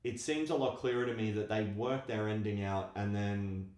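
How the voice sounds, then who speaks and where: A man co-hosting a casual podcast about films, speaking in a measured, reflective way. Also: fairly low pitch, steady tone, darkish tone. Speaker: podcast co-host. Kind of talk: casual film discussion. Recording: roomy echo.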